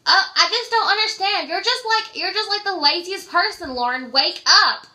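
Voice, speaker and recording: A woman doing a loud, whiny nagging caller. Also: very high voice, normal speed, pitched above the performer's own voice, full character voice. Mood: nagging, exasperated. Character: pushy, nagging caller who phones at midday.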